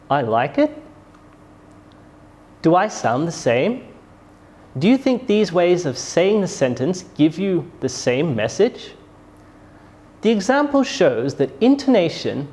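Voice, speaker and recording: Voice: medium pitch, mellow. A pronunciation teacher giving a scripted English lesson, modelling sentences with careful, exaggerated rises and falls. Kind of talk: scripted classroom instruction.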